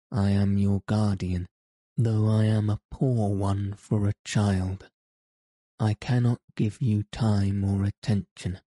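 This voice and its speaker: A man's voice: on the low side, dark tone, no room sound. A man voicing a weary, troubled middle-aged guardian in an audiobook, distracted and muttering. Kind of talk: audiobook character reading.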